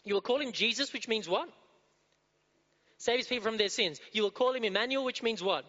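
High-voiced preacher in a reverberant hall. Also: male voice, a little fast, pushed and bright. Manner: rhetorical questions, repetition, asks the audience. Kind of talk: sermon to a congregation. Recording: dull, muffled sound in a reverberant hall.

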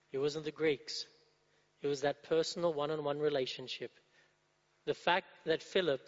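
A male preacher giving a sermon, asking the congregation rhetorical questions and repeating key phrases. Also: a little high. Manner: rhetorical questions, repetition, asks the audience. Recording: dull, muffled sound in a reverberant hall.

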